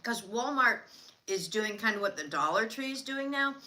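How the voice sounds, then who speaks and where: A middle-aged woman co-hosts a relaxed livestream and chats in a matter-of-fact way between bites. Her pitch swings widely as she talks, and her voice has a bright, clear ring. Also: moderate pace. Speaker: livestream co-host. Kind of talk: casual livestream chat while eating.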